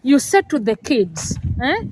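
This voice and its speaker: A woman's voice: sits high, sing-song, a little slow, a little mellow, a little hiss or hum, poor audio. Earnest woman lecturing on parenting. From Africa. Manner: earnest and lecturing, with fillers and restarts. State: emotional, near tears. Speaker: vlogger. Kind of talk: emotional personal talk to camera.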